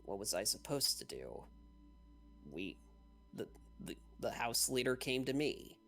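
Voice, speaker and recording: A game master voicing a cold, uncaring male kobold who speaks in a flat, dismissive way. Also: mid-range voice, a little slow, gravelly, faint music behind, full character voice.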